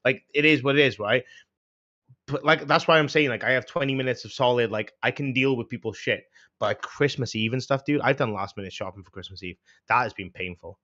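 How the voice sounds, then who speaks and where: Fast, bright-voiced man ranting. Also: medium pitch, muffled recording. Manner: rambling, swears constantly, acts out scenes. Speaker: podcast co-host. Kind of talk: casual profane chat.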